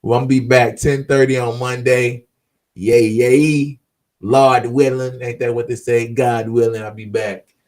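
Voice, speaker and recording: A man's voice: mid-range voice, steady tone, a little slow, a little mellow. A man hosting a casual podcast, talking in a laid-back, slangy way and answering people in the comments. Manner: closes with an upbeat pep talk. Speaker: podcast host. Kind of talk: casual talk to viewers.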